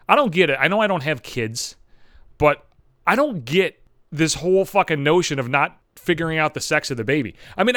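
A young man rants in a swearing, sarcastic stream, his pitch swinging up and down as he mocks what annoys him. His voice sits a little high for a man. The sound is dry and close, with no room behind it. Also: a bit bright, dry recording. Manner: ranting, profane, sarcastic, with mocking voices for others. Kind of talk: profane comedic rant.

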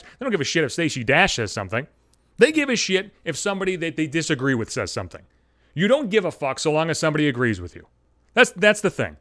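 A man delivering a profane, angry rant straight at his viewers, swearing constantly and shouting at them. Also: on the high side, dry recording, clean studio sound. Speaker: video ranter.

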